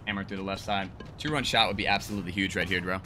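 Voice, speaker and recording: Hyped gamer dude yelling and trash talking, super bright sharp voice, faint game music behind. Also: male voice, sits low, fairly even intonation, very fast. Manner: hyped, joking, crude trash talk, bursts of yelling. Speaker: gaming video creator. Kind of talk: excited gameplay commentary.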